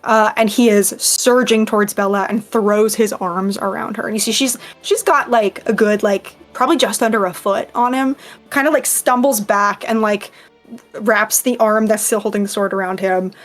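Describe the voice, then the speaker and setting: A woman's voice: medium pitch, fairly even intonation, normal speed, faint music behind. A woman running a tabletop game, narrating loosely with many fillers. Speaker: game master.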